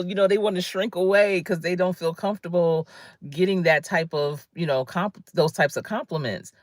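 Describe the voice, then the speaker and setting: A woman's voice: fairly low pitch, a little fast, no echo, clean studio sound. A woman in her fifties, a career coach, giving an emphatic, conversational motivational talk on a livestream and greeting viewers by name. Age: 50s.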